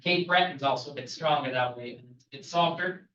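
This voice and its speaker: Man from canada, chatty travel lecture, slightly high voice, echoey muffled room sound. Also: fairly quick, sharp tone, recorded from a distance. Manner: chatty, jokey, asks the audience questions. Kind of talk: lively classroom talk.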